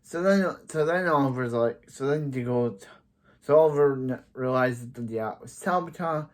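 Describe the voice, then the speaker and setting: A man's voice: mid-range voice, normal speed. Rambling man recapping a TV episode. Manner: rambling, many restarts and repeated "so". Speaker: TV episode reviewer.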